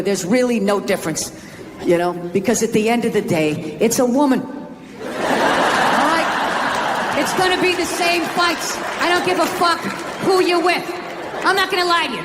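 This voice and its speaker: A middle-aged man doing a stand-up routine on stage, ranting with profanity and breaking into shouts. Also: very high voice. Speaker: stand-up comedian. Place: live comedy venue on stage. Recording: echoey hall, crowd laughter, noise. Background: audience laughter.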